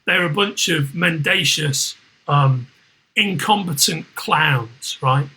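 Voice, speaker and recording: A middle-aged man with a Liverpool accent talks in a loose, rambling way, circling back and restarting his sentences. His voice sits fairly high and sounds bright and tense. He swears freely in casual podcast chat. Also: slow pace, poor audio. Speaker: podcast host.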